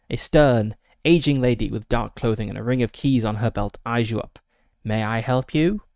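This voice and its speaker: A man with a gravelly, crackly voice reads a solo tabletop adventure aloud, dropping in frequent "uh" fillers and side remarks. He sounds close and dry, with no room around him. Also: mid-range voice, no echo. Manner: steady descriptive reading with frequent "uh" fillers. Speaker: streamer running a solo tabletop game. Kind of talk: reading a gamebook aloud with asides.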